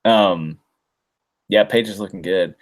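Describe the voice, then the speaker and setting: A man's voice: low-pitched, slow pace. A man co-hosting a casual comics podcast, recapping a story with lots of ums and restarts. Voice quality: rambling, many fillers. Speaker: podcast co-host. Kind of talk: casual chat.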